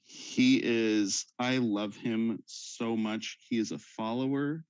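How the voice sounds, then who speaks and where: A man in his thirties, a father, telling long dad jokes in a relaxed chat on a video call. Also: mid-range voice, takes it slowly, clean tone, no echo, low-quality recording. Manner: jokey storyteller, full of dad jokes. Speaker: guest artist.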